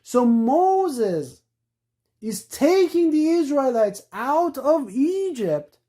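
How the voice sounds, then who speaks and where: A woman teaching scripture in an emphatic way, reading verses aloud and slowing down to stress key words. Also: high-pitched, very animated, dark tone. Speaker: religious teacher.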